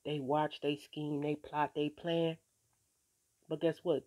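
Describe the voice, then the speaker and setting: A woman's voice: low voice, little pitch movement, slow, dark tone. Woman just chatting to the camera about god, chill and streetwise, kinda preachy, cusses casually, keeps saying you know what i'm saying. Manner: encouraging, preachy, swears casually. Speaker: vlogger. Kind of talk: casual faith-filled vlog monologue.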